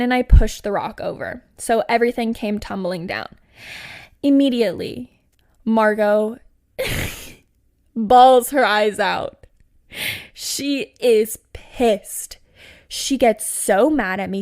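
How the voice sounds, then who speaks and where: A woman in her twenties telling a personal story in casual storytime style, chatty and animated, full of "like" and "you know". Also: a little high, a little slow. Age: 20s. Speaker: podcast host.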